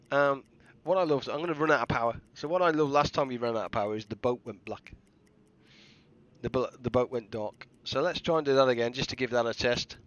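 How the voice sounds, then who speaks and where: A man's voice: medium pitch, highs cut off. A British man chatting casually while streaming a game live, rambling and often restarting his sentences. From Britain. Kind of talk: casual live gameplay chat.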